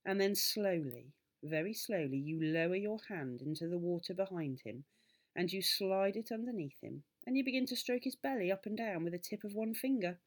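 A woman reading aloud, voicing an excitable, mischievous little old village doctor who rises to loud indignant bursts. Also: fairly low pitch, normal speed, natural voice. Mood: genial, conspiratorial.

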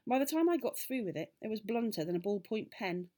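Excitable little old country doctor, mischievous, pitches up high and gets loud, read by a woman. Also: a little fast, noisy background, lightly acted. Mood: gleeful storytelling. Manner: animated, rising to loud indignant bursts.

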